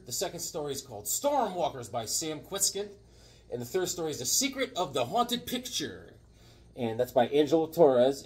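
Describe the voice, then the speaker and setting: A man in his fifties chatting casually about his comic books, animated and jokey with sudden loud outbursts. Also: fairly high pitch, breathy edge. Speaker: comic book collector. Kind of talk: casual chat showing comics.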